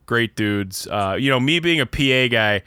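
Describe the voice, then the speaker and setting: A man's voice: mid-range voice, expressive, moderate pace, pushed and bright, smooth, no echo. A young man from Pennsylvania with a Pennsylvania accent, co-hosting a podcast in casual chat and rambling with many restarts. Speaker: podcast co-host.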